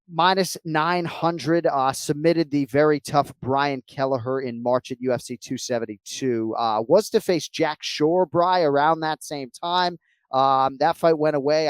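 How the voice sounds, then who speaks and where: A man's voice: fairly high pitch, moderate pace, smooth, no echo. A man hosting a sports podcast, joking around and swearing casually while he runs the segments. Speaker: podcast host.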